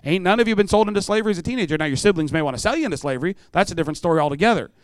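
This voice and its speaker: A man's voice: sits high, animated, very fast, no room sound. Middle-aged man, youth preacher, storytelling sermon, clean resonant voice, close and dry. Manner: storytelling, acts out voices, asks the room questions. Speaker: preacher speaking to teenagers.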